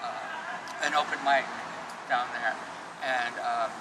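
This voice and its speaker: A male stand-up comedian telling stories in a candid interview, animated and exasperated as he rants. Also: mid-range voice, slow. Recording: distant mic, street noise and traffic.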